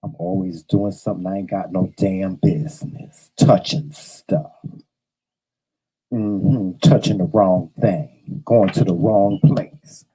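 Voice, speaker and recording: A man's voice: deep voice, slow, warm tone, slightly rough, low-quality recording. A man in his fifties hosting a livestream from home, talking casually with a drawling, chatty manner and greeting viewers by name. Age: 50s. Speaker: livestream host. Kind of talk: casual chat to a live audience.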